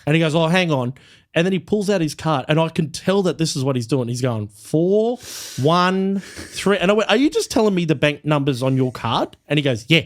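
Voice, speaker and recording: A man hosting a casual podcast, telling an animated anecdote. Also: a little high, fast talker, few pauses. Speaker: podcast host. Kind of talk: casual storytelling.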